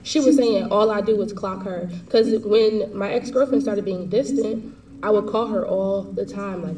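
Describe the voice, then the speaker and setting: Young woman vlogger, storytime monologue, mellow tone, echoey room, mic set back. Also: mid-range voice, distant mic, a little hiss or hum. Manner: heated, fast slangy retelling.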